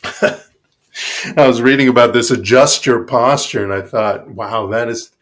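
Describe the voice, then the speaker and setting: A male minister giving a sermon, speaking in a slow, reflective and emphatic way. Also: mid-range voice.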